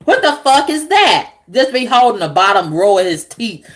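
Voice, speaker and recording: A woman vlogger ranting to camera with profane, animated storytelling, laughing at her own jokes. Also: fairly high pitch, moderate pace. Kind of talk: unscripted rant to camera.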